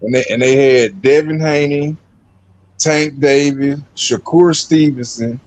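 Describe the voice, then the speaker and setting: Relaxed, rambling podcast co-host. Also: male voice, medium pitch, a little slow, low-quality recording. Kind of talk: casual chat.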